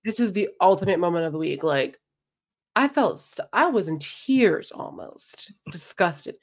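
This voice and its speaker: A young adult woman co-hosting a casual podcast, telling a work story in an animated way and acting out what people said. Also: on the low side, normal speed. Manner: animated storytelling with voiced-out quotes. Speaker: podcast co-host. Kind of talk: casual chat.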